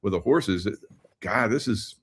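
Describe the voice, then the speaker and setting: A man hosting an interview show, reacting enthusiastically and talking haltingly with many restarts. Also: on the low side, expressive, slightly rough. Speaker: show host. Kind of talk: casual interview chat.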